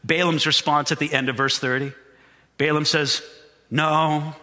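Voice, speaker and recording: A man preaching a sermon as a pastor, animated and emphatic. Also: on the high side, moderate pace. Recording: long hall reverb.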